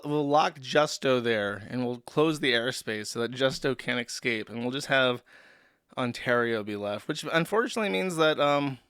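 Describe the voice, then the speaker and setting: A man hosts a livestream with a bright, forceful voice that comes through smooth and crisp. He rambles in a sarcastic, profane, joking way, close on a desk mic with a dry sound and no room around it. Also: mid-range voice, dry recording. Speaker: streamer host. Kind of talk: livestream commentary.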